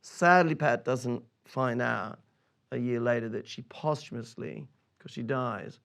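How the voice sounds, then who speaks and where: A man with a gravelly, creaky voice tells stories from his career. He talks in a lively, animated way and often breaks into laughter and restarts his sentences. He is a guest in an interview on stage in a cinema. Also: medium pitch, measured pace. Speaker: film director, interview guest. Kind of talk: animated anecdotal storytelling.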